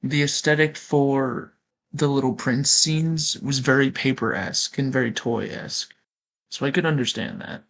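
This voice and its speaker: A man's voice: medium pitch, steady tone, measured pace, fairly bright tone. A young man co-hosting a casual chat, teasing his partner dryly and stammering now and then. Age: young adult. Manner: dry, teasing, stammers a bit. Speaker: podcast co-host.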